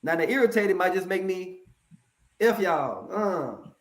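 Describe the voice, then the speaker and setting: A man speaking as a mental health professional in a casual interview, telling stories in a lively, colloquial way and addressing the audience directly. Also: sits high, a little slow. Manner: animated, colloquial, preachy asides to the audience.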